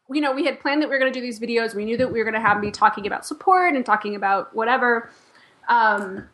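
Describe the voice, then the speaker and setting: A woman talks through a story in a loose, chatty way. She peppers her lines with "like" and breaks into laughs. Her voice sits a little high. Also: fairly bright tone. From Chicago. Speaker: podcast guest, company founder. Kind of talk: casual chat.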